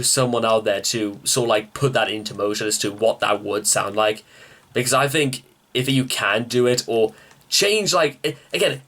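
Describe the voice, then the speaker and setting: Halting man reacting to a song. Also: mid-range voice. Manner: halting, many restarts, searching for words; addresses viewers as ladies and gentlemen. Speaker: music reaction host. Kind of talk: music reaction commentary.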